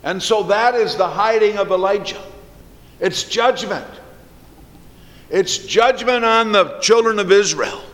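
A man preaching a sermon, earnest and slow, repeating key phrases for emphasis. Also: sits high, a bit bright. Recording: echoey hall with long reverb.

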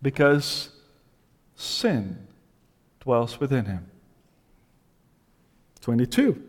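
A man preaching a sermon with passion, dropping to a hush and then rising to loud cries. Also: mid-range voice, sing-song, drawn-out words, long reverb tail. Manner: impassioned, swings from hushed to loud cries. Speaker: pastor.

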